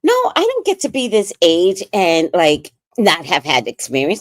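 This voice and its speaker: A woman's voice: on the low side, moderate pace, dry recording, clean studio sound. A middle-aged woman casually telling a personal story as a podcast host, laughing and quoting others in put-on voices. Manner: animated, laughing, quotes people in put-on voices.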